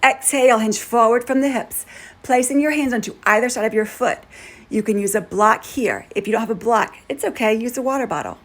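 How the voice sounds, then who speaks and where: Calm woman guiding a yoga class. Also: fairly high pitch, brisk. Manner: calm, steady step-by-step instructions. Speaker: yoga instructor. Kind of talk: guided yoga class cues.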